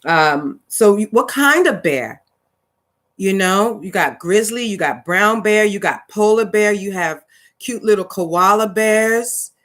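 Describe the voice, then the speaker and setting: A woman's voice: medium pitch, expressive, slow pace. Woman, acting coach, live online class, chatty, rambling, fillers. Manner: warm, chatty, rambling with many fillers and restarts; greets viewers by name mid-lesson.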